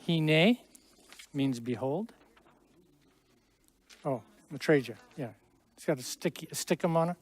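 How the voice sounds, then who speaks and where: A man's voice: fairly high pitch, slow, long pauses, husky. A middle-aged man teaching a Hebrew class in a classroom, explaining at length with friendly asides and small jokes. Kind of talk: classroom lesson.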